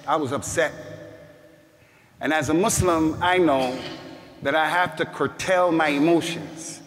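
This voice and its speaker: A man preaching a Friday sermon as imam of his mosque, his voice sitting a little high for a man. He speaks with passion, climbs into shouts, and weaves in recited Arabic scripture. The sound rings with the long reverb of a big hall. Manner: impassioned, rising to shouts, quotes Arabic scripture.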